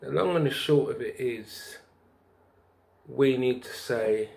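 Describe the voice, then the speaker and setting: A man spinning a rambling spiritual tale for his vlog. He preaches as he goes, lively and chatty, with quick laughs and snatches of song. His pitch sits right in the middle for a man. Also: creaky. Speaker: vlogger.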